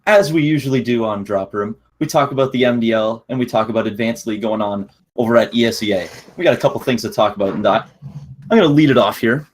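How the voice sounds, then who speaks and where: Husky-voiced man, joking podcast co-host. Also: mid-range voice, fast. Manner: upbeat, joking, laughs easily. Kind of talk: casual podcast chat.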